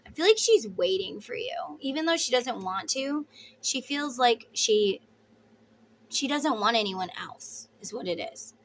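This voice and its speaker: A woman's voice: on the high side, big pitch swings, unhurried, slight background noise. A woman giving a casual tarot reading to her viewers, chatty and emphatic, sometimes blunt and swearing. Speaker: tarot reader.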